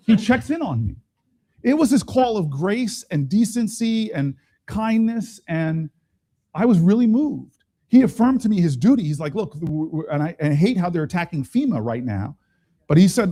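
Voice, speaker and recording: A man's voice: sits high, sing-song, moderate pace, warm tone. A middle-aged man, a politician, telling stories in a speech at a town hall, with quoted voices and chuckles.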